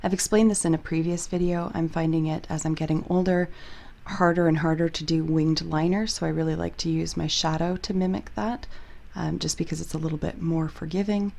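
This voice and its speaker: A woman beauty vlogger narrating a makeup tutorial in a relaxed, chatty voice-over, explaining each step. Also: deep voice, brisk, creaky.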